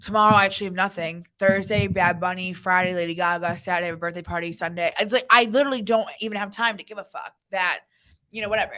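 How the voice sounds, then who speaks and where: A woman's voice: lowish voice, steady tone, fast talker, bright, forceful tone. A young adult woman co-hosting a podcast, telling a story in a casual, blunt way and swearing freely. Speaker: podcast co-host.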